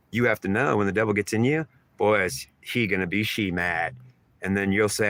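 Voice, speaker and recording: A man's voice: on the low side, a little fast, fairly bright tone, dry recording. A man delivering a rambling, repetitive spiritual monologue in an emphatic, stream-of-consciousness way. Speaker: channeler giving spiritual messages.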